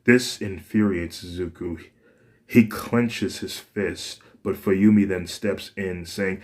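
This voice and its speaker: Low, slow-talking male storyteller. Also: steady tone, a little mellow. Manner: plain, unpolished reading with restarts. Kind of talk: fan fiction narration.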